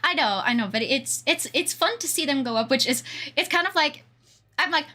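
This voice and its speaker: Young Swedish woman streamer, high bright voice with lots of bounce, giggly and rambling. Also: expressive, moderate pace. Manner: giggly, rambling, frequent laughter. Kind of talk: casual livestream chat.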